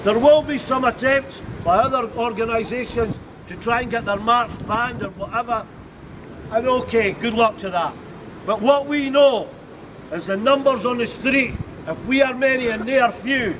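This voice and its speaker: A man's voice: very high voice, moderate pace. A middle-aged man making a rousing, defiant speech at an outdoor counter-protest. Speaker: rally speaker. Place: outdoors on a city street. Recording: street noise and a crowd around.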